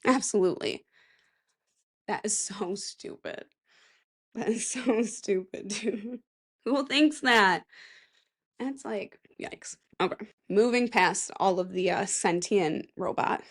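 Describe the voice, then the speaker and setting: A woman's voice: mid-range voice, slow, husky. A woman in her thirties hosting a casual solo podcast, chatty and rambling with sarcastic asides. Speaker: podcast host.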